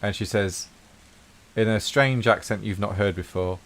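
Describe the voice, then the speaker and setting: A man's voice: lowish voice, normal speed. A man narrating a tabletop game as game master, in an easygoing, descriptive way with fillers.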